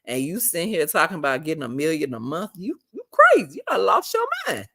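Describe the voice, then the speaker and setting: A woman's voice: sits low, wildly swooping pitch, fairly quick, gravelly, bright, forceful tone, slightly rough, no room sound, studio quality, exaggerated voice. A woman doing an exasperated male family boss. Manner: incredulous, scolding.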